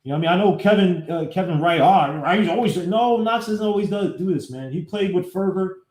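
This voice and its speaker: A man hosting a casual live-streamed sports podcast, breaking down game clips and greeting viewers by name in an animated way. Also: sits high, brisk. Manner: talks while fumbling with his computer. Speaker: podcast host. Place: home setup, live streaming. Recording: echoey room.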